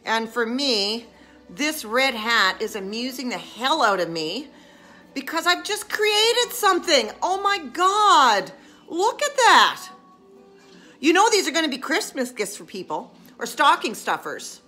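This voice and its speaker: A woman chatting casually on a live stream as she crafts, self-mocking and chatty, with excited squeals of delight. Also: a little high, unhurried, faint music behind.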